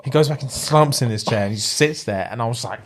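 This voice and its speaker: Young dude telling a story on a pod, mid voice, slangy, does all the voices. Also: male voice, medium pitch, fast, a crowd in the background. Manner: animated, slangy, acts out quotes. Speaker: podcast co-host. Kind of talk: casual storytelling chat.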